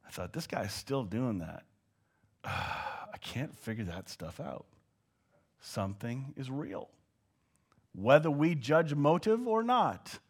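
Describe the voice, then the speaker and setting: A Canadian man preaching a sermon, animated and joking, sometimes dropping to a hushed tone. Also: medium pitch, slow, long pauses, slightly rough. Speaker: pastor.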